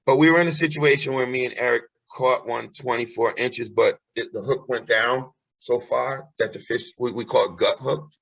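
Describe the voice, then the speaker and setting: A man's voice: medium pitch, steady tone, moderate pace, gravelly, fairly bright tone, no echo, highs cut off. A man talking as a guest in a casual interview, earnest and encouraging, repeating his key phrases.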